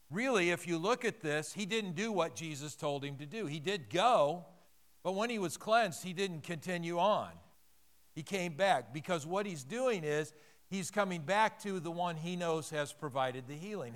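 Man preaching, kinda high voice, gets loud and slows down to hit the big points. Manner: earnest preaching, swells louder and slows on key phrases. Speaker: pastor. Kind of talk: sermon.

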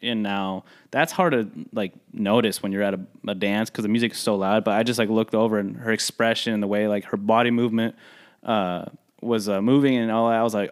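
A man's voice: lowish voice, fairly even intonation, brisk. A young man co-hosting a podcast, telling a party story in casual chat, full of "like" and "you know". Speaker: podcast co-host.

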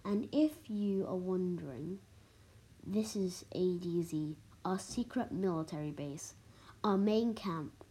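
A woman's voice: on the low side, slow, warm tone. A woman reading as a scheming base commander. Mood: persuasive.

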